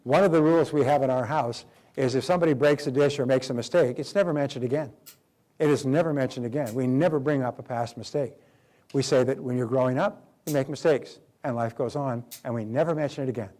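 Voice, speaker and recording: A middle-aged man delivers a motivational talk at an average pitch. He drives his points home by repeating them and acts out short exchanges in quoted voices. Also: fast talker, mellow. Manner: emphatic, repeats key phrases, acts out quoted dialogue. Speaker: motivational speaker.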